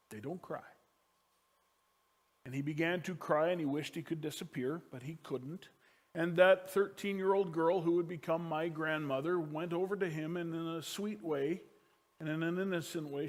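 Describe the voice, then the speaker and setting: A man who is a pastor, preaching a sermon that moves from loud emphasis down to hushed, quiet lines as he tells a family story. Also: a little high, normal speed, pauses often.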